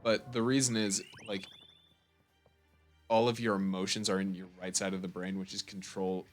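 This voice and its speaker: Sleepy young guy chatting over a game, kinda deep, jokey and swears. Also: level tone, normal speed, faint music behind. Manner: joking, offhand, swears freely. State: tired. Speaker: streamer. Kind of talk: casual chat while gaming.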